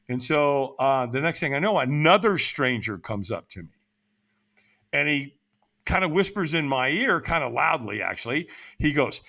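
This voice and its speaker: An American man in middle age tells a story as an interview guest, his pitch swinging widely as he builds the drama. His voice sits a little high and sounds bright and forceful. He acts out the lines of the people in his story. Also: moderate pace. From United States. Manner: animated, acts out other people's lines in a raised voice. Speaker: podcast guest.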